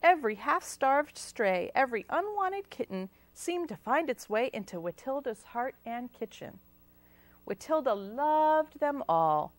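A woman's voice: high voice, no echo. A woman telling a children's story at library storytime, reading expressively. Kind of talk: children's storytime read-aloud.

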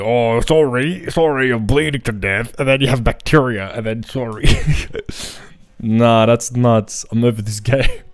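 A young man giving casual, excitable gameplay commentary full of slang. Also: medium pitch, dry recording, studio quality. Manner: excitable, slangy, says "bro" constantly. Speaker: gaming video creator.

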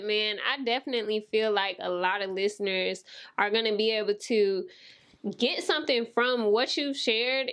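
A woman hosting a podcast, encouraging her guest in a loose, conversational way with plenty of casual fillers. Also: a little high. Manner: warm-hearted encouragement, conversational, many fillers like "like". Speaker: podcast host.

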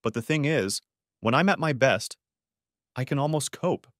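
A man's voice: medium pitch, lively intonation, normal speed, no room sound, clean studio sound, voice pushed up, natural voice. A man voicing a betrayed husband who speaks in a weary, bitter and self-mocking way in an audiobook. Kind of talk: audiobook character voice.

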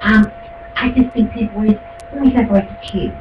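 A man's voice: sits high, fairly even intonation, fairly quick, dull audio, noisy background, pitched above the performer's own voice, natural voice. A stammering, evasive churchgoer who whines in a raised, pinched voice, as a radio host mimics him. He sounds distant, with a roomy echo around him. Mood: whiny. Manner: hesitant, stammering, whiny. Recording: echoey and distant.

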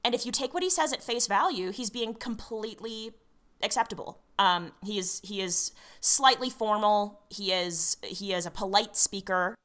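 Podcast co-host, woman, animated and rambling, bright crisp tone. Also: mid-range voice, moderate pace. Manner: animated, many fillers and restarts. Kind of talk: casual chat.

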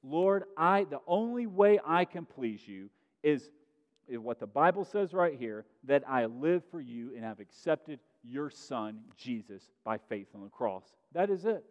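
A man preaching a sermon as pastor, earnest, pushing his voice up for emphasis and then dropping to a quiet tone. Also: mid-range voice, very animated, unhurried. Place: church sanctuary. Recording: muffled sound in a reverberant sanctuary.

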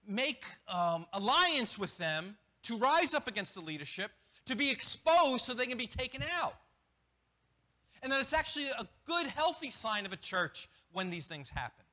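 A man preaching a sermon as pastor, animated, with quick restarts and acted-out asides. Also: very high-pitched. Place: church.

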